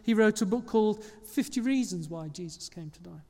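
High-voiced male preacher in a reverberant hall. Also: animated, a little fast, warm tone. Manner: conversational preaching with small slips and self-corrections. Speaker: pastor. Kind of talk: sermon.

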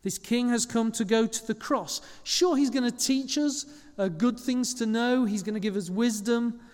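In a church hall full of long reverb, a pastor with a higher-than-usual male voice preaches at an ordinary pace. His tone is relaxed and talky, with occasional stumbles he stops to correct.

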